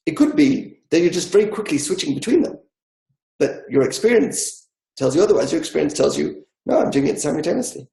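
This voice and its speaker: A man's voice: a little high, expressive, fairly quick, creaky, warm tone, echoey room, poor audio. A man teaching a discussion class, explaining with everyday examples and acting out inner dialogue.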